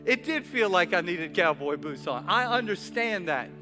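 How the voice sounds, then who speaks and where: A male pastor preaching an energetic sermon in a church, with repeated call-and-response lines. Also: high-pitched, normal speed. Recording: reverberant hall with faint music.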